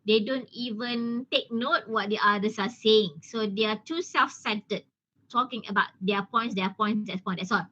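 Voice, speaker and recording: A woman's voice: mid-range voice, moderate pace, pushed and bright, dull audio. A woman lecturer, teaching a speaking workshop and checking in with "okay?" after nearly every point. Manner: explains with many "okay?" checks, laughs easily. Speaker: English lecturer. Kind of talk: workshop teaching over a live stream.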